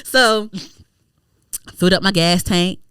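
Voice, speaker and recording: A woman co-hosting a podcast in casual chat, telling an animated story that turns to indignant shouting, with plenty of swearing. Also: on the low side, takes it slowly, clear, resonant tone, no echo, studio quality. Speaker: podcast co-host.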